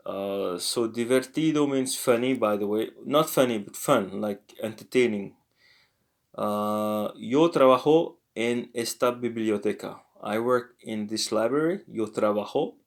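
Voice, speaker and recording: A man teaching a casual language lesson, talking slowly and haltingly with many fillers and self-corrections. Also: mid-range voice. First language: French.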